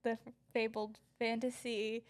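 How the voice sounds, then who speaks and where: Giggly rambling woman podcaster, bright high voice. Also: level tone, measured pace. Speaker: podcast co-host. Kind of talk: casual chat.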